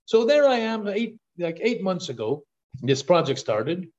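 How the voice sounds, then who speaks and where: Older man, podcast guest; eager, restart-heavy storyteller, slightly higher voice, muffled remote audio. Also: unhurried. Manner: excited storyteller, repeats words on restarts. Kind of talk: storytelling interview talk. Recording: dull lo-fi call audio.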